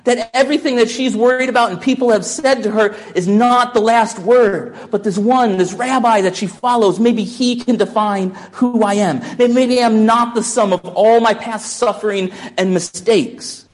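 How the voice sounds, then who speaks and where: A man's voice: high voice, moderate pace, hardly any pauses. A pastor preaching a sermon in a musing, conversational way, often restarting his sentences.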